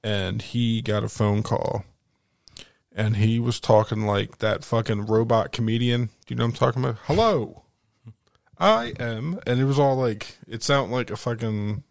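A man's voice: lowish voice, level tone, normal speed, creaky, no echo, studio quality. A man co-hosting a podcast in casual chat, loose and laughing, swearing often. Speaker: podcast co-host.

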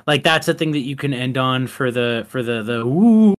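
A man in casual podcast chat, talking through a film at a loose, rambling pace. His voice sits at an ordinary middle pitch for a man. He strings thoughts together with plenty of fillers. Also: moderate pace, fairly bright tone. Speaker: podcast co-host.

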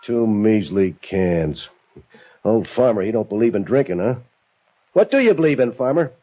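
In this old radio-style drama, a man voices an escaped convict who cruelly mocks the couple he's taken hostage, using a drawling, taunting tough-guy delivery that feels menacing. His lowish voice is animated and lightly acted, at a moderate pace. The lo-fi recording has a little hiss or hum and faint background music.

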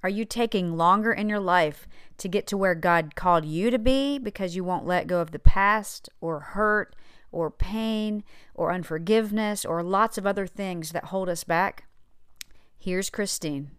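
A woman's voice: mid-range voice, a little slow, smooth, dry recording, studio quality. A woman hosting a faith show, giving an upbeat scripted introduction and asking the listener direct questions. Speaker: host.

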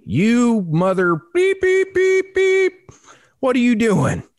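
A man's voice: huge pitch swings, takes it slowly, no room sound, studio quality, full character voice. A man voicing an irate heavyset woman neighbor who screams curses across a field. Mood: furious. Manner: shrill cursing tirade.

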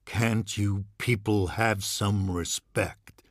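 A man's voice: fairly low pitch, fairly even intonation, takes it slowly, no room sound, clean studio sound. A man voicing a terse, strained male diplomat in a storybook reading, giving clipped replies.

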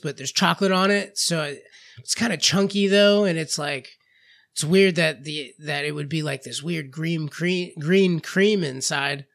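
Man, podcast co-host, a bit high-pitched, casual, giggly anecdotes. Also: gravelly, a bit bright. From Florida. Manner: laughs often, tells stories with voiced quotes. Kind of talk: casual chat.

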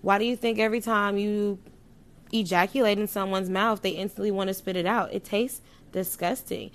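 A woman vlogging to camera in a casual chat, frank and playful with slang and swearing, her loudness jumping up and down as she talks. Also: mid-range voice, normal speed. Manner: animated, sudden jumps in loudness. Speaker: vlogger giving sex advice.

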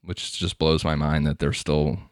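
Deep-voiced man narrating a crime story. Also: level tone, measured pace, no room sound, studio quality. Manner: laughing, crude, conversational narration. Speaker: podcast host. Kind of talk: true crime storytelling, casual.

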